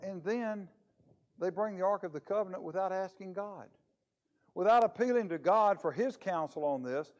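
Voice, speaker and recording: A man's voice: high voice, normal speed, darkish tone, lo-fi sound. A man preaching a conversational Bible lesson in church, with a chatty manner full of rhetorical questions. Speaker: preacher teaching a Bible class.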